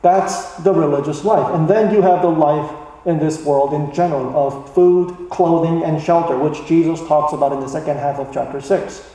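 A male pastor giving a sermon, animated and raising his voice for emphasis. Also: fairly high pitch, moderate pace. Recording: echoey church hall, mic at a distance.

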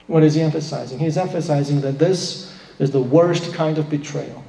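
A man's voice: steady tone, moderate pace, creaky, dark tone. A man preaching a sermon, emphatic, acting out the quoted lines in a raised voice. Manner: emphatic preaching, acts out quotes with rising pitch. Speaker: pastor. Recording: roomy hall with long reverb.

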